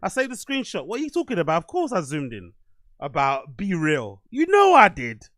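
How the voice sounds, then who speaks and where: Casual host, raised voice, cursing, dry close sound. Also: male voice, fairly high pitch, wildly swooping pitch, a little fast, fairly bright tone, dry recording. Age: adult, "you get older". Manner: swearing, rambling, self-deprecating. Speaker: podcast host. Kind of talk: casual livestream chat.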